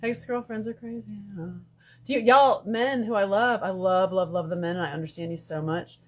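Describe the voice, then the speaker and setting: A woman hosting a casual spiritual live stream from her phone. She jumps between loud bursts and hushed asides and swears freely. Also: mid-range voice, fairly even intonation, normal speed.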